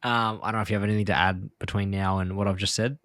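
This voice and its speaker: A man's voice: fairly low pitch, fairly even intonation, quick pace, fairly bright tone, dry recording. A man co-hosting a podcast, casually retelling a cartoon episode scene by scene, quoting lines and laughing often. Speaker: podcast co-host. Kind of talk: casual chat recapping an episode.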